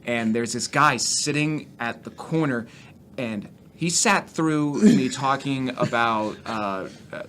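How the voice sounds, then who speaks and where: Man, bright clear voice, comedian telling crude stories, faint noise behind. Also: medium pitch, takes it slowly. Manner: profane, animated storyteller. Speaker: stand-up comedian, guest. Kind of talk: casual storytelling.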